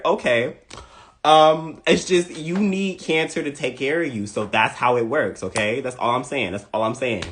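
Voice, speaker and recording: Playful, animated man joking about astrology. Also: medium pitch, normal speed, a little hiss or hum. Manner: animated, playful, repeats lines for emphasis. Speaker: astrology content creator. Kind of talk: casual comedic astrology monologue.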